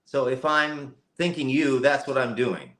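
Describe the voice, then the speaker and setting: A Cleveland, Ohio man, appearing as a guest voice actor, joins a casual live-stream interview by video call from his home setup with a lighting kit. His voice is medium-pitched and fairly bright, and he explains things at a measured pace, reflectively and with many fillers. The recording has a roomy echo.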